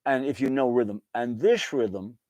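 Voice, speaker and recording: A man's voice: mid-range voice, measured pace, darkish tone, no echo. Dry-voiced man teaching piano rhythm. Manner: sings rhythms aloud with bum and da syllables; folksy, calls notes guys. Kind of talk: casual music lesson.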